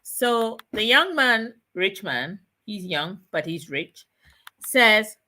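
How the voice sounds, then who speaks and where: A woman from Ghana, hosting a chat show and telling a folk tale with a moral in an expressive, deliberate way. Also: mid-range voice. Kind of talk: storytelling with a moral.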